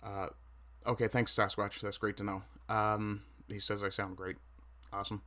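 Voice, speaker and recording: A man hosting a casual livestream, talking with frequent fillers and pauses, with a mic right under his chin. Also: lowish voice, flat delivery, sharp tone. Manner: hesitant, many fillers, reads chat aloud. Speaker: livestream host.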